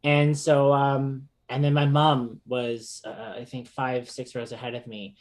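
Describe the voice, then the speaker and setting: On a podcast, a male guest recounts something from his own life in easygoing chat, speaking at a medium pitch and a touch slowly. He laughs a lot, stays lively, and keeps restarting and filling gaps with "um"s.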